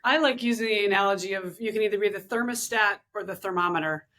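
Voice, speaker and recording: A woman's voice: mid-range voice, fast, bright, forceful tone. A woman hosting a podcast, chatting casually and often restarting her sentences as she thinks aloud. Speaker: podcast host.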